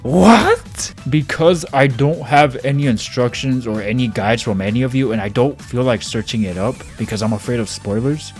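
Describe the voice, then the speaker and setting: A man reacting to a visual novel playthrough, excitable, jumping from low mumbling to sudden yells. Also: normal speed, few pauses, faint music behind. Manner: excitable, jumps from mumbling to yelling. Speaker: gaming channel host.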